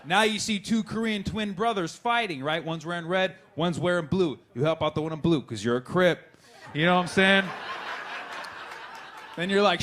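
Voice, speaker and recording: A male stand-up comedian with a slightly high voice, on a club stage. He tells his bits in a lively way and shouts out the lines of the characters in his stories. He also trades lines with the audience. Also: fairly quick, slight background noise. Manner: animated storytelling with shouted character quotes; crowd work with the audience.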